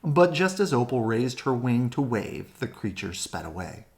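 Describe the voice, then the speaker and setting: A woman gently and expressively reading a children's picture book aloud. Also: extremely low pitch, sing-song, normal speed. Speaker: storybook reader. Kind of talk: children's read-aloud narration.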